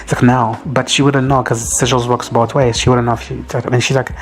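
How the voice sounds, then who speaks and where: A man giving a casual recap and reaction to a show. He rambles excitably, swears freely and drops into quick quoted asides. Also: medium pitch. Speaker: reaction video host.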